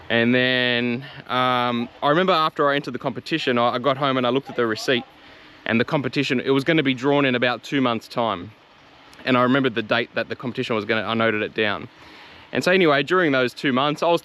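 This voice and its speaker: Young aussie guy rambling through a story, laughs a lot, um and uh everywhere, mid pitch. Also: fairly bright tone. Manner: chatty, laughs often, many fillers and restarts. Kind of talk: personal faith story, casual retelling.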